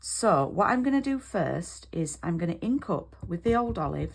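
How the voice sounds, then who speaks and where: A woman's voice: lowish voice, very animated, normal speed, creaky, husky. A British woman demonstrating card making in an online class, chatty and step by step, checking in with "okay?" as she goes.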